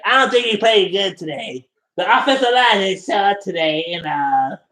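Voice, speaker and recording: A man doing a mocking impression of a slow, smug, rambling male sports radio host. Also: high voice, animated, sharp tone, pitched above the performer's own voice. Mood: droning. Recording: roomy echo.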